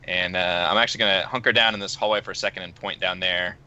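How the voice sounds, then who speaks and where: A man playing a tabletop game, with a lowish voice that sounds bright and forceful. He plans his moves aloud in a decisive way. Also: fairly even intonation, quick pace, clean tone, muffled recording. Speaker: player.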